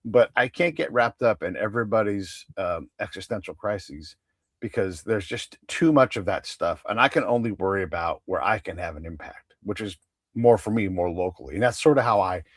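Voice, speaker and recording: A man's voice: lowish voice, normal speed, no room sound, clean studio sound. A man in his fifties hosting a podcast, talking in a blunt, opinionated way with the odd swear word. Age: 50s. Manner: blunt, opinionated, swears freely, mocks news anchors. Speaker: podcast host. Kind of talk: casual conversational interview.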